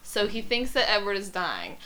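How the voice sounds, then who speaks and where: A woman's voice: medium pitch, huge pitch swings, normal speed, pushed and bright. A young woman co-hosting a casual podcast, recapping a plot with laughter and acted-out quotes. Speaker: podcast co-host. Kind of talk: casual chat, recapping a story.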